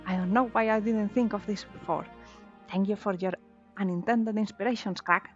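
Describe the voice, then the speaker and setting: A woman voicing a brash, foul-mouthed female pirate captain from a video game, with a gruff put-on pirate accent and rolled R's. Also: mid-range voice, fairly even intonation, moderate pace, lo-fi sound, faint music behind, close to an everyday voice. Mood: gloating. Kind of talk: reading game dialogue aloud in voices.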